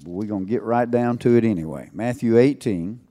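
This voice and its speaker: A man preaching a sermon to a congregation, swinging between loud calls and hushed asides and asking rhetorical questions. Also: fairly low pitch, fairly quick.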